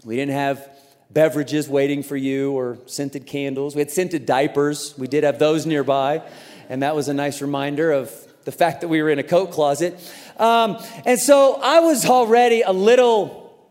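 High-voiced pastor in a reverberant hall. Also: male voice, normal speed. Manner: animated, acts out voices in his story. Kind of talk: storytelling sermon. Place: large church auditorium.

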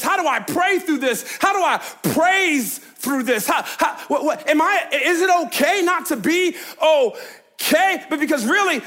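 A man's voice: very high-pitched, bright, forceful tone. A man preaching a sermon as pastor, emphatic and conversational, calling out to the congregation and laughing easily.

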